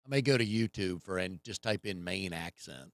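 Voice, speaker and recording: A man hosts a casual interview in a fairly low voice. His tone is gravelly, and he keeps things easy with curious questions and short affirmations. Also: animated, moderate pace, dry recording. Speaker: interview host.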